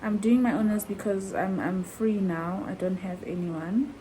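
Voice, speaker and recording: A woman's voice: medium pitch, measured pace, mellow, slight background noise, poor audio. A woman chatting in a heartfelt, chatty way to her vlog viewers, calling them guys. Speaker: vlogger. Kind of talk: casual vlog chat.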